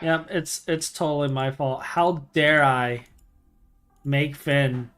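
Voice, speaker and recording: Young male streamer, sarcastic banter, fairly high voice, bright tone. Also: fairly even intonation, slow, clean tone. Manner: joking, sarcastic banter with frequent laughter. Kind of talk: casual gaming stream chat.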